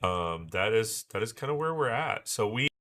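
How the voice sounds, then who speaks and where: A man hosting a casual livestream while he builds, rambling with many fillers and restarts, his voice hoarse as he recovers from losing it. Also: on the low side, very animated, moderate pace, fairly bright tone. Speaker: livestream host building Lego.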